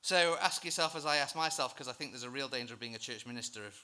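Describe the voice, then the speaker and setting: A man's voice: mid-range voice, quick pace, sharp tone. A male church minister preaching a sermon in an earnest, emphatic, self-deprecating way.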